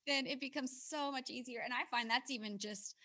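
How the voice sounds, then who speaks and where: A woman's voice: sits high, a little fast, bright, forceful tone. A woman hosting a faith podcast, affirming her guest in an earnest, conversational way. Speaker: podcast host.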